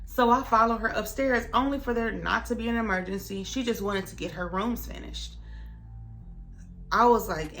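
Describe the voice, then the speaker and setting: A young woman vlogger telling a story in a casual, animated way, acting out the other people's lines. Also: a little high, normal speed, a little hiss or hum. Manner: animated, dramatic retelling with voices for others.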